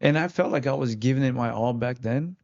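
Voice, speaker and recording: A man's voice: medium pitch, fairly quick, darkish tone, muffled recording. A man, an interview guest who fights, telling his story in casual chat with many fillers. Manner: rambling, lots of "like" fillers.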